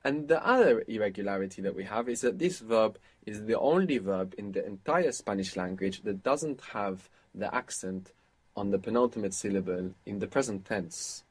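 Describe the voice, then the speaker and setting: A man with a slightly husky voice gives a spoken language lesson. He explains points patiently and prompts his learner to answer and repeat. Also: lowish voice, lively intonation, normal speed. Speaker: language teacher.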